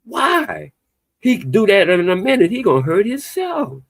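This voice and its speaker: A man, hosting an opinionated podcast chat in an emphatic, animated way. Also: high voice, measured pace, gravelly, no room sound. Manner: animated, emphatic, loose conversational delivery with a playful edge. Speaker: podcast host.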